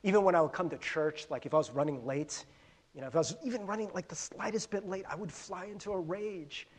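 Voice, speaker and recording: A man's voice: high-pitched, quick pace, husky. A middle-aged man preaching a conversational sermon as a pastor, often stumbling over repeated words. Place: church sanctuary.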